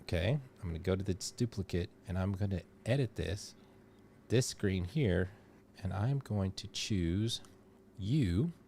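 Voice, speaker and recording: A deep, gravelly-voiced man hosts a live stream and explains each step in a loose, chatty way. Faint room noise sits under his voice. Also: unhurried, mellow. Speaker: host. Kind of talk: casual live-stream software demo.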